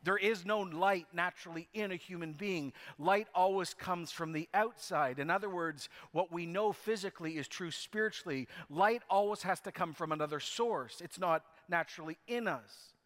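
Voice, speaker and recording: Emphatic preacher in a reverberant hall. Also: male voice, sits high, moderate pace, hardly any pauses, a bit bright. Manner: emphatic, storytelling preacher with restarts. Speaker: pastor. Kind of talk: sermon.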